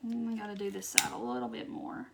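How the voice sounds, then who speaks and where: A woman from Wisconsin hosting a casual live-stream craft tutorial, chatting to viewers, answering their comments and muttering soft asides to herself as she works. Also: mid-range voice, sing-song, quick pace, creaky, very noisy.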